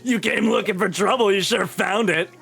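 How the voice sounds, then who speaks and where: A man's voice: high-pitched, normal speed, vocal fry, faint music behind. Man doing a snarling teen street thug. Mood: hostile. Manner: snarling, taunting and loud. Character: aggressive teenage male street thug.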